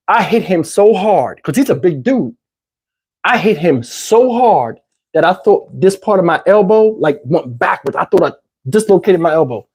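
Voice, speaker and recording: A man from New Jersey tells a crude story, his pitch swinging all over and his voice a little husky. He talks fast and loose with lots of asides, close on a lapel mic. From Camden, New Jersey. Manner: profane, animated, lots of asides. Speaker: channel host. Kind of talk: comedic storytelling.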